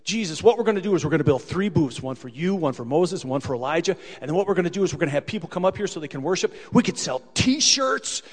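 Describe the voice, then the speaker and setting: A man's voice: a little high, normal speed, lightly acted. A man voicing an impulsive, eager male fisherman disciple in slangy modern chat, as part of a sermon. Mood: eager excited. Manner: animated, chatty modern slang. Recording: long hall reverb.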